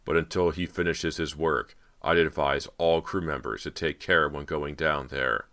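A man's voice: extremely low pitch, steady tone, moderate pace, pushed and bright, heavily acted. A man voicing a stern film director making formal announcements in an audiobook. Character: stern middle-aged male film director.

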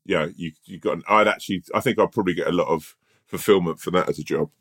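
A man's voice: low voice, fast talker, fairly bright tone. A man co-hosting a comedy podcast, rambling and swearing as he spins a story. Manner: rambling, swears, laughs often. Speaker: podcast co-host. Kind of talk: casual comedy chat.

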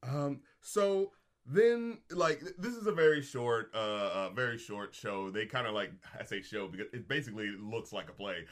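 A man's voice: medium pitch, normal speed, a bit bright. A man co-hosting a casual film discussion podcast, laughing often and acting out lines. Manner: laughs often, acts out lines in put-on voices. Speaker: podcast co-host.

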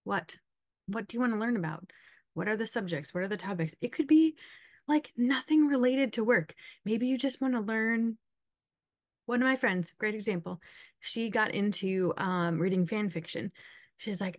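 A woman's voice: medium pitch, lively intonation, normal speed, no echo, clean studio sound. A woman in her thirties giving a casual motivational talk, chatty and sarcastic, laughing often.

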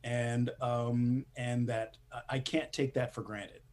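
A man's voice: mid-range voice, level tone, takes it slowly, a little mellow. A man, a screenwriter, talking casually in an interview with lots of fillers and restarts. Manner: rambling, many fillers and restarts, laughs often. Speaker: animation screenwriter guest.

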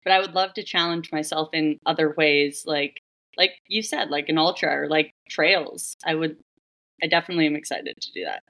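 A woman's voice: sits low, fairly quick, a bit bright. A woman, a running coach, talking as a guest in a casual interview, chatty and giggly, with lots of "like".

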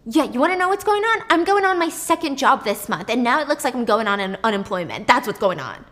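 A woman voicing a flustered, sharp-tongued young waitress who snaps at a customer and panics in a crisis, in a told story. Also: big pitch swings, full character voice. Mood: hostile. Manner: shrill, rapid, panicky outbursts.

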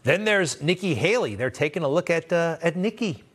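A man's voice: on the high side, lively intonation, normal speed, fairly bright tone, husky. A man hosting a news show, giving blunt, sarcastic political commentary in a conversational way. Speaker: host.

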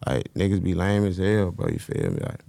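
A man telling stories as an interview guest in a casual, slangy, animated way. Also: sits low, a little fast, vocal fry, no room sound. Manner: animated, slangy, acts out quotes.

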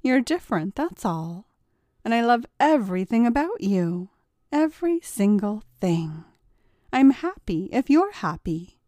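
A woman reading as a gentle, patient stepmother. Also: medium pitch, very animated, unhurried, no room sound, studio quality. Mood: reassuring. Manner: soft, patient and motherly. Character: gentle, reassuring middle-aged stepmother.

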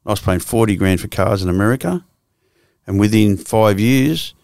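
A man's voice: fairly low pitch, expressive, normal speed, gravelly, darkish tone, no echo, studio quality. A man in his sixties with an Australian accent, a guest telling his life story bluntly and profanely, full of restarts. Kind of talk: candid storytelling interview.

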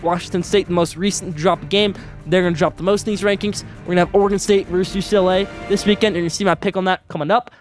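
Fast-talking, high-voiced male sports podcaster. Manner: blunt, opinionated rapid-fire picks. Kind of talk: solo sports podcast commentary.

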